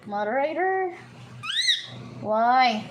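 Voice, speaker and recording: A Filipino woman hosts a casual livestream from home, speaking in a high voice and at a very unhurried pace. She sounds playful and chatty, coaxing her pet and thanking her viewers. A faint hum of background noise sits under her voice. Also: lively intonation, lo-fi sound. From Philippines. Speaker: vlogger hosting a livestream. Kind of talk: casual live chat.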